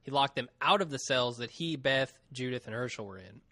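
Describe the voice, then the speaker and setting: A man's voice: mid-range voice, lively intonation, fairly quick, bright, forceful tone, no echo, clean studio sound. A man co-hosting a podcast, reading listener emails aloud in a casual chat and laughing often.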